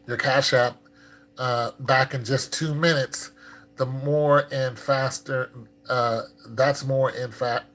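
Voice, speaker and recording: A man on a livestream, casually commenting on scam messages and chatting with viewers in a loose, filler-heavy way. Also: medium pitch. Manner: loose and conversational, lots of fillers; gets loud and excited chatting with viewers. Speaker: streamer.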